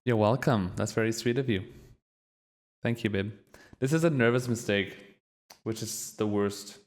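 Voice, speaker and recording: A man's voice: fairly low pitch, normal speed. A man streaming a reaction to a documentary, talking casually, swearing freely and getting openly emotional. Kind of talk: casual live-stream commentary.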